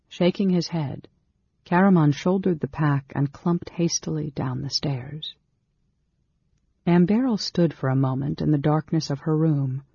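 A man narrating a fantasy novel aloud in a steady, measured storytelling manner. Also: fairly high pitch, vocal fry, breathy edge, dry recording. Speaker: audiobook narrator. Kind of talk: scripted narration. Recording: dull lo-fi dry recording.

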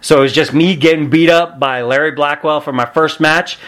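A man who is a podcast guest and pro wrestler, telling stories in an animated way and acting out the people he quotes. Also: on the high side, moderate pace. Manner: acts out quotes with loud shouts and shifts. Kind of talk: animated storytelling.

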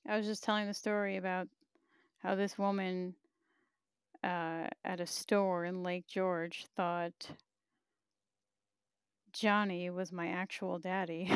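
A woman's voice: fairly low pitch, flat delivery, takes it slowly, pauses often, smooth, no room sound, clean studio sound. A woman hosting a podcast live, chatting casually and candidly, reading viewer comments with frequent laughs and profanity. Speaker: podcast host.

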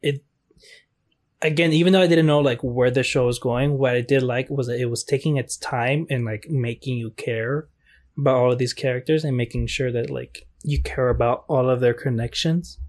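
A man co-hosting a podcast, relaxed and quick to laugh. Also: mid-range voice. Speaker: podcast co-host. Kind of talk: casual chat.

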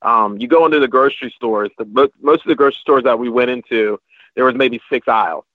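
A man's voice: mid-range voice, quick pace, dry recording. A man telling travel stories as a guest in casual chat, rambling with many restarts. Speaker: podcast guest. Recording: dry, slightly muffled lo-fi recording.

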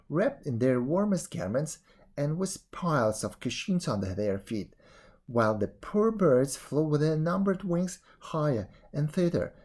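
A man reading a fairy tale aloud, expressive storytelling with a few slips. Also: mid-range voice, husky. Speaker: reader.

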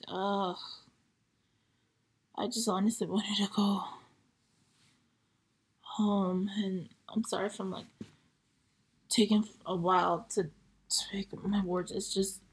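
A sick young woman hosting her podcast, hoarse and tired, often slipping into a whisper as she talks with halting, frustrated swearing. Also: medium pitch. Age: young adult. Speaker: podcast host. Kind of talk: casual solo podcast chat.

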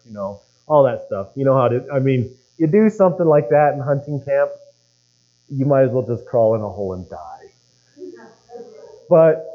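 A male pastor preaching in a folksy, storytelling way, talking right to his congregation. His voice is smooth and clear at a middle pitch. The recording is dull and lo-fi, with a mains hum. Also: animated, fairly quick. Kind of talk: sermon.

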